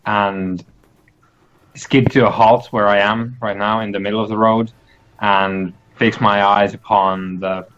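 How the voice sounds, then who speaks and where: A man playing in a tabletop role-playing game, describing his moves haltingly with fillers. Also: fairly low pitch. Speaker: player. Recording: dull lo-fi sound with hiss.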